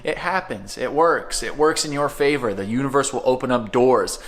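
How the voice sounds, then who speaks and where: A man's voice: mid-range voice, moderate pace. A man talking casually and energetically to the camera about his food, repeating words for emphasis. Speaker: food vlogger. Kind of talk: casual vlog chat. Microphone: phone camera.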